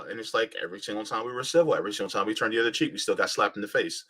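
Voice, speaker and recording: A man's voice: medium pitch, lively intonation, rapid-fire, hardly any pauses, pushed and bright, rough recording. A man giving heated political commentary on a live stream, ranting, sarcastic, and full of rhetorical questions.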